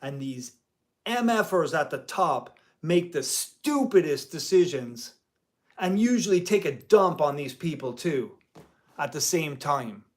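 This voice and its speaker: A man's voice: on the high side, lively intonation, a little slow. A man who teaches music part-time, talking in a rambling vlog commentary with many restarts and mild euphemistic cursing.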